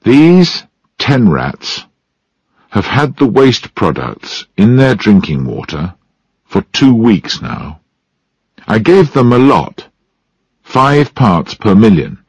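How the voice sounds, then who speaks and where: A man reading a storybook, voicing a calm, driven male scientist in a measured, reassuring way. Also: lowish voice, slightly rough, no room sound, full character voice. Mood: explaining.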